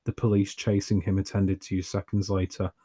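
A man voicing a subdued, apologetic young man who speaks quietly and flatly. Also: low-pitched, fairly quick, no echo, studio quality. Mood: cold. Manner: quiet, sheepish, flat.

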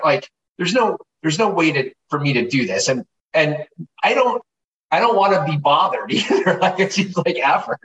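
Casual wine guest, man, animated storyteller, higher voice, echoey room, off-mic. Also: moderate pace. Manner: animated, profane, acts out quoted voices. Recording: roomy, distant mic, faint noise.

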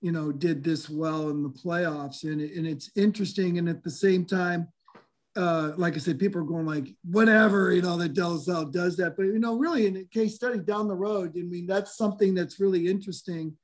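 A man with a noticeably high voice talks sports in a loose, rambling way. He keeps circling back with fillers and restarts, like casual chat among friends. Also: brisk, a little mellow. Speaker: sports analyst guest.

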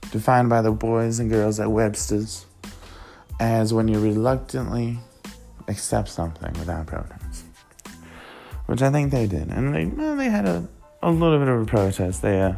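Gravelly low-voiced man telling a story. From Worcester, Massachusetts. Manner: rambling, profane, animated. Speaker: vlogger. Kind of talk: casual storytelling.

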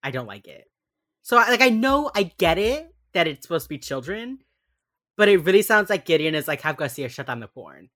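A young woman co-hosting a casual chat, recapping a TV episode and acting out quotes with sudden loud bursts. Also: medium pitch, sing-song, a little fast. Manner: chatty, acts out quotes with sudden yells. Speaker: podcast co-host recapping a TV episode.

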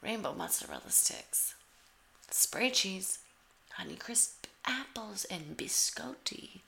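A woman's voice: medium pitch, lively intonation, takes it slowly, gravelly, bright, forceful tone, whispered. A woman giving sarcastic, teasing play-by-play commentary over a cooking show. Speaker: comedic commentator.

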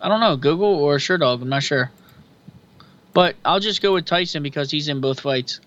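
Casual male co-host, higher-pitched, swears freely, dull lo-fi audio. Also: normal speed, a bit bright. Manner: loose, profane, chatty. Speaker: podcast co-host. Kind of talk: casual fight-pick chat. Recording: dull lo-fi sound.

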